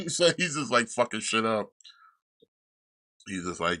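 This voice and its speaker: A man hosting a podcast, retelling a series in casual chat with rambling, profane storytelling and quick restarts. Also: fairly low pitch, very animated, sharp tone. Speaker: podcast host reviewing a show.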